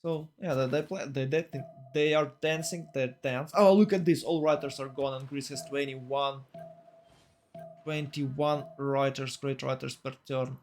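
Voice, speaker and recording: A man casting a strategy game tournament live, talking in a rambling, excitable way full of fillers and restarts. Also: medium pitch, a little slow, faint music behind. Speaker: tournament caster. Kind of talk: live esports commentary.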